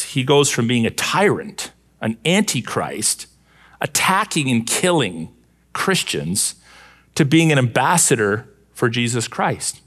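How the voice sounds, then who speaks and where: A male pastor preaching a sermon, expressive and using vivid rhetorical questions. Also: medium pitch, creaky, breathy edge.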